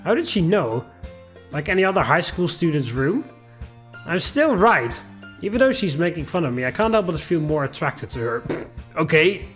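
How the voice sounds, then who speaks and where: A man's voice: a little high, normal speed. Guy playing a visual novel, reads it out and rambles, lots of laughing, voice jumps all over, faint music behind. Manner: animated, laughs often, rambling asides. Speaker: gameplay commentator. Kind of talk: reading a visual novel aloud with commentary.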